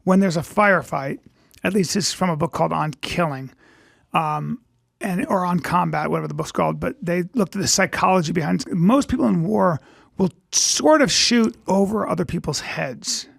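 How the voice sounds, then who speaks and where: A comedian guest on a podcast, a man telling rambling, animated stories in casual chat. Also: sits high, normal speed, gravelly.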